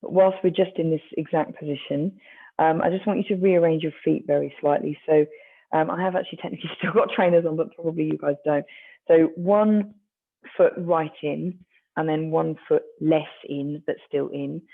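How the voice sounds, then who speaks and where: A stretching instructor leads a class in a gentle, encouraging way, with a gravelly edge to the voice. The recording sounds thin and tinny, like a phone line. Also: mid-range voice, fairly even intonation, moderate pace. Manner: gentle, encouraging, with light self-mocking asides.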